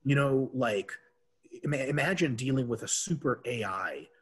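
A man talking as a podcast guest in casual chat, animated and jokey, with lots of profanity. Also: medium pitch, normal speed, breathy edge.

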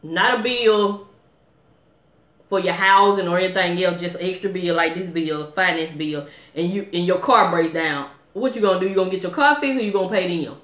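A woman's voice: fairly low pitch, moderate pace, fairly bright tone. Blunt, exasperated woman vlogger, echoey room. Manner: blunt, exasperated, asks viewers questions. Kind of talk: casual direct-to-camera rant.

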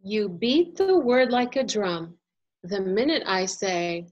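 A woman reads a children's storybook aloud in an unhurried, gently expressive way. Her voice swings up and down with lively melody. The recording sounds a little dull and lo-fi. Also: mid-range voice. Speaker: picture book illustrator reading aloud.

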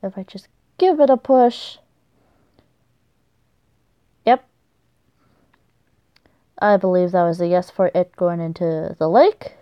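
A young woman commentating on her game play, excitable and swearing a lot, shrieking when startled. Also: lowish voice, takes it slowly, long pauses, dry recording, lo-fi sound. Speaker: gaming YouTuber.

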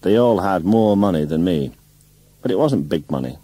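Low, husky male audiobook narrator. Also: animated, normal speed, dark tone, no echo. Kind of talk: first-person literary novel narration.

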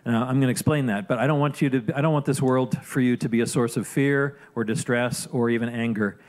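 A man's voice: medium pitch, steady tone, brisk, darkish tone. Casual, conversational male pastor preaching. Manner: conversational, frequent "right?" asides and restarts. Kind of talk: sermon.

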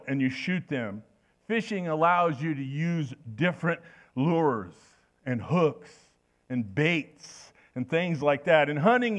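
An older man preaching a sermon in a folksy, anecdotal way, telling stories with frequent restarts. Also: a little high.

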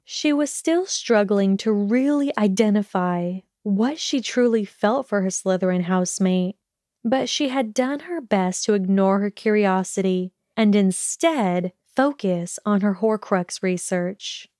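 A woman narrating a fan fiction audiobook with a slow, measured reading. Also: mid-range voice, dark tone, dry recording, clean studio sound.

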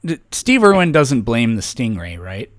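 A man's voice: medium pitch, big pitch swings, normal speed, no room sound. A man in a casual debate chat, joking around and hesitating with fillers.

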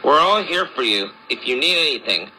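A man voicing a friendly male train engine in a high, put-on voice, speaking kindly and with sympathy. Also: big pitch swings, a little fast, bright, forceful tone, breathy edge, heavily acted, poor audio. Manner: sympathetic, kind.

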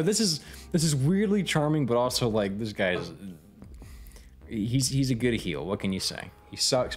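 A man casually commentating on a game as he streams it, joking and reading the dialogue aloud. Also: lowish voice.

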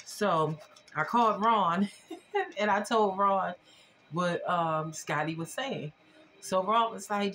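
A woman's voice: mid-range voice, slow, pauses often, fairly bright tone, slight background noise. A woman vlogger chatting casually through a storytime, rambling and repeating herself as she retells conversations.

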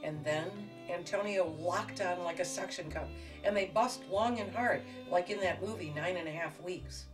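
Low-voiced woman hosting a cooking show. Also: moderate pace. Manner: deadpan, tongue-in-cheek. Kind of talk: mock-dramatic romance narration and cooking demonstration. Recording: distant mic with music behind.

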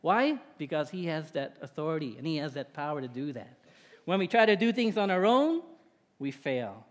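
A man's voice: a little high, very animated, moderate pace, long reverb tail. A male pastor preaching a sermon in a conversational way, often checking in with "right?". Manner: conversational, with tag questions.

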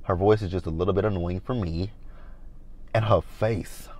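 Blunt, chatty Southern man with a low voice. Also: fairly even intonation, moderate pace, darkish tone. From American South. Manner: chatty, shady and blunt, acts out the cast in quotes. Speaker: reality TV recap vlogger. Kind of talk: casual episode review.

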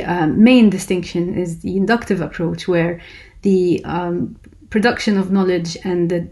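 A woman's voice: on the low side, a little mellow. A woman lecturer explaining a research method, talking hesitantly with many fillers and restarts. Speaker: university lecturer. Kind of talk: recorded lecture.

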